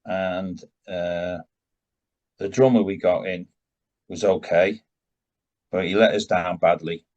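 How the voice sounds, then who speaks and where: A man's voice: low voice, fairly even intonation, takes it slowly, a little mellow, dull audio. Older man telling rambling rock-band stories. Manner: rambling, digressive anecdotes with many restarts. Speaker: rock vocalist, interview guest. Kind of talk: casual storytelling interview.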